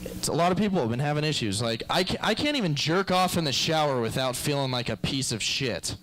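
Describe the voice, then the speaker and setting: A man's voice: a little high, animated, a little fast, a bit bright, poor audio. Rambling young male stand-up comic. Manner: rambling, self-deprecating, crude. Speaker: stand-up comedian. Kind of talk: stand-up comedy set.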